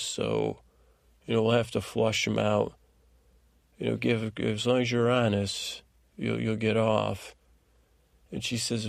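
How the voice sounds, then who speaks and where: A man with a heavily gravelly, fry-laden voice drifts through a sleepy bedtime recap, meandering and low-key, stumbling over fillers. His pitch stays flat and monotone. It sounds dry and close, with no room at all. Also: no room sound. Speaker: podcast host.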